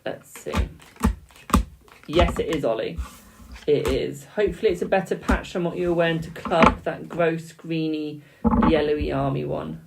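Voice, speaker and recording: A man's voice: a little high, moderate pace, creaky, heavy background noise. A man in his twenties on a live stream reading tarot cards, chatty and teasing, calling every viewer "my darling". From United Kingdom. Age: 20s. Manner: chatty, calls viewers "my darling", laughs and teases. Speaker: tarot reader. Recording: loud keyboard clicks and typing.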